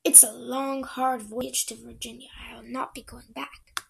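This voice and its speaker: A woman's voice: fairly high pitch, flat delivery, moderate pace, creaky, a little hiss or hum. A woman reading aloud voices a blunt sailor man who talks in a plain, clipped way. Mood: firm.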